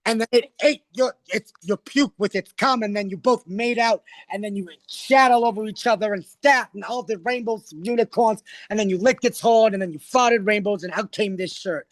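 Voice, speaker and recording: A man's voice: high-pitched, moderate pace, few pauses, dry recording, voice pushed up, close to an everyday voice, rough recording. A man impersonating a crude, razor-tongued older female comedian who gushes pet names while hurling insults. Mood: roasting.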